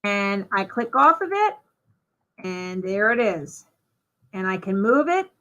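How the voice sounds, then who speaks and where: Bright-voiced woman demoing software. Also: medium pitch, very animated, slow pace, rough recording. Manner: chatty, step-by-step, with fillers. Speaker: presenter demonstrating software. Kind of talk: live software demo walkthrough.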